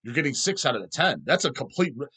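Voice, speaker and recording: A man's voice: mid-range voice, sing-song, fast, pushed and bright, breathy edge. A man hosting his own video channel, ranting and swearing constantly in a mocking, scornful way. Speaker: channel host. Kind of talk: profane rant vlog.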